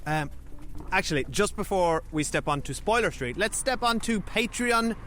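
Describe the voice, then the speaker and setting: A man's voice: sits high, expressive, normal speed, bright, forceful tone, a little hiss or hum. An Irish man co-hosting a film review podcast, talking casually with lots of fillers and restarts. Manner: chatty, with many fillers and restarts. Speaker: podcast co-host.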